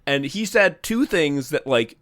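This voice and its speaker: A man co-hosting a podcast, telling stories in casual, profane, animated chat. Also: a little high, unhurried. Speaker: podcast co-host. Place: separate rooms from co-host.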